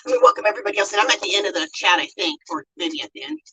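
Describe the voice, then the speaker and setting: Livestream host, American woman, middle-aged, husky and bright, lively chatter. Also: mid-range voice, racing, far from the mic, low-quality recording. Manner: chatty, reads viewer comments aloud and laughs often. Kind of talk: casual livestream chat.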